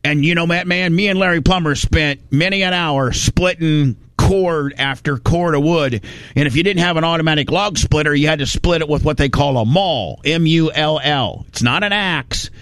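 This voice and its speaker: A man's voice: on the high side, moderate pace, no echo, clean studio sound. A man from Indiana, telling a rambling, folksy story in casual chat. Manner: rambling, folksy, animated when quoting people.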